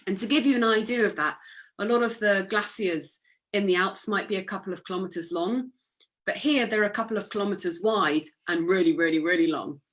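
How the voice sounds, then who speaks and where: A woman's voice: medium pitch, fairly quick, a bit bright. A woman giving an illustrated talk with slides, chatty and upbeat, with fillers. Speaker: guest speaker.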